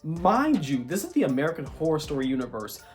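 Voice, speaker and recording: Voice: mid-range voice, very animated, brisk. Exasperated reviewer ranting casually. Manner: exasperated, ranting, heavy use of "like". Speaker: TV show reviewer. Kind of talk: casual recap commentary. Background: faint background music.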